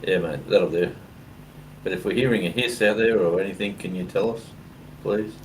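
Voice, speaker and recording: A man's voice: sits low, normal speed, poor audio. An Australian man co-hosting a live stream, chatting in an easygoing, rambling way with blokey slang. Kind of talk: casual online chat. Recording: hissing mic with background noise.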